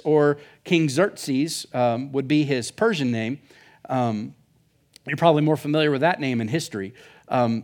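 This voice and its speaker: A male pastor preaching a sermon in a casual, joking way, full of asides. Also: fairly high pitch. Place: church.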